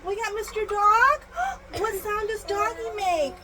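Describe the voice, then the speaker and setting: A woman's voice: very high-pitched, steady tone, normal speed. A young mother teaching her child at home in a singsong voice, with exaggerated gasps and animal sounds. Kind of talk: home video, playful teaching. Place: home room. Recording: noisy home phone recording.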